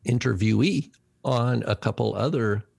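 Low gravelly dude cohosting, husky, jokey little interjections, dry sound. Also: male voice, moderate pace, darkish tone, no echo. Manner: joking, short interjections. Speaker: podcast co-host. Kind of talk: casual live-stream chat.

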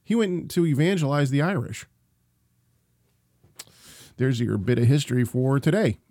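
A man's voice: mid-range voice, expressive, normal speed, dark tone, dry recording, studio quality. A man co-hosting a casual talk show, rambling through announcements and banter with frequent restarts and easy laughter. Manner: rambling, self-correcting, laughs easily. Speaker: podcast co-host.

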